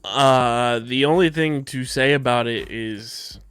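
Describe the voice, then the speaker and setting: A man's voice: mid-range voice, slow pace, fairly bright tone, clean tone, soft background music. A man co-hosting a casual sports podcast, upbeat and jokey, reading sponsor spots in a hype voice. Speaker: podcast co-host.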